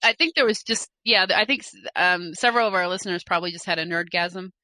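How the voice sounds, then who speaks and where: Woman podcast co-host, casual and giggly, bright lower voice, dry close mic. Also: fast talker, dry recording. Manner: chatty, giggly, hesitant with fillers. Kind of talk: casual chat, reading listener mail.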